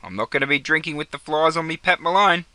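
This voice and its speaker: For a comedy sketch, a young Australian man portrays Jono, a laid-back mate with broad slang-filled banter. His voice runs on the high side, fast, pushed and bright, recorded dry.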